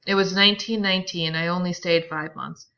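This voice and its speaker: A poised, calm gentleman read by a woman in her own voice, measured and steady. The tone is bright, and the recording a bit dull and lo-fi. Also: lowish voice. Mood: composed. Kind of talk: reading a novel aloud with voices.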